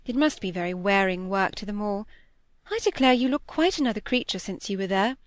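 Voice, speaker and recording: A woman's voice: medium pitch, animated, brisk, no echo, lightly acted. A woman reading aloud and voicing a fussy, self-absorbed middle-aged stepmother who chatters and brushes off objections. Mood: chattering. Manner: chattering, dismissive, sharp.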